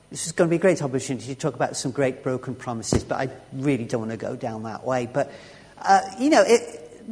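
A man's voice: on the high side, breathy edge. A man preaching a sermon in a chatty way, with asides and restarts, recorded in a church hall. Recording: long reverb of a large hall.

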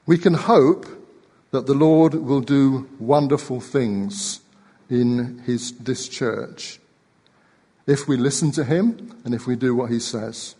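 A man preaches to his church in a calm, measured voice, pitched in the middle of the range. He often repeats a word as he goes on. The sound rings with the long reverb of a large hall. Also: breathy edge. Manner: gentle, measured, repeats words. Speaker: pastor. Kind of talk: sermon. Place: church sanctuary.

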